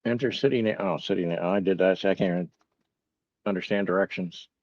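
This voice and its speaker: Bemused low-voiced male streamer. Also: quick pace, darkish tone, dry recording, highs cut off. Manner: muses aloud and reads chat replies; bemused, self-mocking. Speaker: livestream host. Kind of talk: casual live-stream chat.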